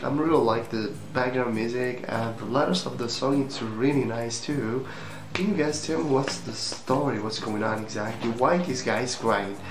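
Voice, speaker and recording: An excitable man talks casually to his viewers, breaking into exclamations and questions. His voice sits at an ordinary middle pitch, and it rings in an echoey room while a song plays clearly behind him. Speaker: reaction video host. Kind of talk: casual reaction commentary.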